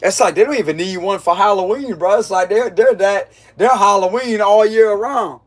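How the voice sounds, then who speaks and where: High-voiced man giving a slangy tarot reading. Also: moderate pace. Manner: slangy, laughs often, mocking. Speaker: tarot reader. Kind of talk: casual tarot reading monologue.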